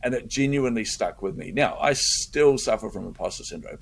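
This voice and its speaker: A middle-aged man, a guest in a conversation, telling a story in an animated way and acting out his own inner voice. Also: medium pitch, fairly quick, creaky.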